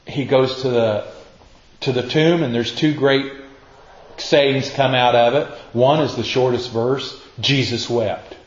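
A man's voice: medium pitch, fairly even intonation, measured pace, roomy sound, muffled recording. Man preaching a story-driven sermon. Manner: conversational storytelling, acting out dialogue. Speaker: pastor.

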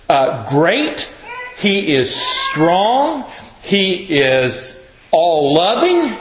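A man preaching a sermon in an earnest, conversational teaching manner. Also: sits high. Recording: echoey, muffled room recording.

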